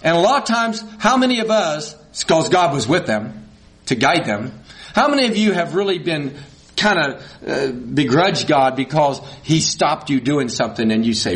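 A man whose voice is on the high side and fairly bright preaches expressively at a moderate pace. He reads scripture, leads the congregation in call-and-response, and slips in folksy asides, all on a low-quality recording.

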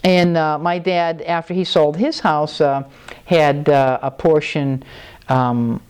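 A woman pastor preaching a confessional sermon, emotional and halting, her voice swinging high and low. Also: steady tone, darkish tone, smooth. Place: church.

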